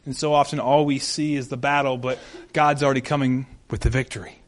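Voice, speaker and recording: A male pastor giving a sermon, animated and humorous, acting out the scenes he describes. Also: mid-range voice, brisk.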